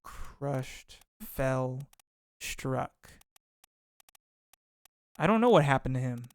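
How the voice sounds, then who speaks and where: A man's voice: medium pitch, animated, drawn-out words, clear, resonant tone, no echo. A man hosting a let's play, commenting casually on a puzzle game and thinking aloud in rambling, restarting sentences. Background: background music.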